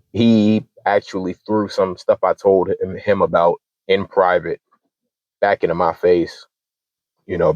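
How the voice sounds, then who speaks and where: A man's voice: deep voice, a little mellow, no room sound, highs cut off. A man in his twenties telling a story as a channel host, heated and profane, acting out both sides of arguments. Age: 20s. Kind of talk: casual storytelling rant.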